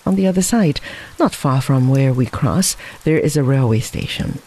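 A reader voicing a strong, hearty gentleman who speaks firmly and reassuringly. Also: mid-range voice, lively intonation, moderate pace, slightly rough, voice pushed down.

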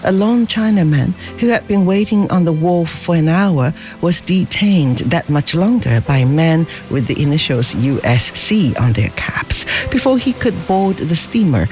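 A man narrating a story in a steady, expressive reading voice. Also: a little high, measured pace, few pauses, soft background music.

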